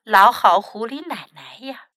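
A woman's voice: on the high side, expressive, measured pace, pushed and bright, no room sound, clean studio sound. Woman playing a cheeky young fox boy. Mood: cheerful. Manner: protesting, cheeky.

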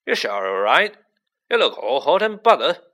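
A towering, gruff giant of a gamekeeper, voiced by a man reading a storybook aloud, blunt and kindly. His booming voice stays bright and carries a lively swing of pitch. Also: normal speed. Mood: gruff, concerned.

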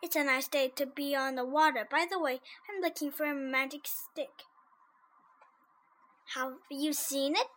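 A woman voicing a calm, sensible male hyena who speaks matter-of-factly in a storybook. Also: sits high, a little slow. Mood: chatty.

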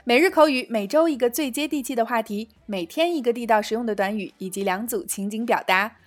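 High-voiced woman teaching phrases. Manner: reads dialogues slowly, then explains in Chinese. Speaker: English teacher. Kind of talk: scripted English lesson.

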